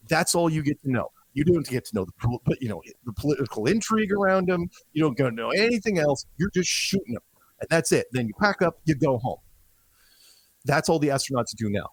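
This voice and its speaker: A man talking as a podcast guest in a relaxed conversational way, often acting out quoted voices as he tells his stories. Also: on the high side, fairly quick, breathy edge, no room sound, low-quality recording. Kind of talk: conversational explanation.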